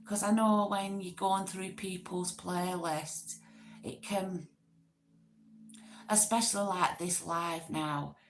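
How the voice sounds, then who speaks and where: Chatty Greater Manchester woman, creaky voice. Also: on the low side, steady tone, slow, slight background noise. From Oldham, England. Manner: chatty, rambling with fillers and restarts. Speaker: livestream host. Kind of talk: casual live chat reading comments.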